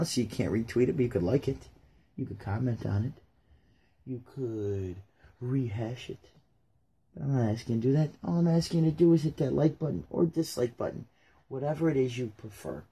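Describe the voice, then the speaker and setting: A man's voice: a little high, a little mellow, breathy edge. A man who hosts his own channel reads scripture aloud and comments on it, rambling and joking as he talks straight to his viewers. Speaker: YouTuber and podcaster. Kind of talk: casual Bible reading and commentary.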